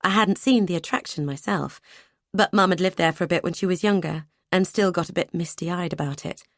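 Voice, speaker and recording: Low-voiced woman narrating a thriller. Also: fairly quick, no echo, studio quality. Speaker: audiobook narrator. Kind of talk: first-person audiobook narration.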